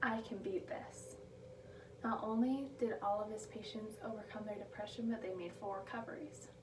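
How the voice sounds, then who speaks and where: A woman delivering a prepared motivational speech, slowing down to stress her key phrases. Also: mid-range voice, recorded from a distance. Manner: emphatic, slows down on key phrases. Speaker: speaker giving a motivational speech. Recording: echoey room taken from afar, background noise.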